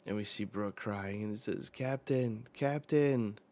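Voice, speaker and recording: A man hosting a live manga reaction, reading the panels and dialogue aloud with slow, dramatic emphasis. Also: fairly low pitch, completely flat delivery.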